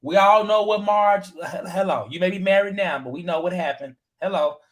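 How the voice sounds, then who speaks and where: A man co-hosting a casual reality TV recap show, talking in a chatty, animated way with lots of fillers and retold quotes. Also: high voice, a little fast. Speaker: podcast co-host.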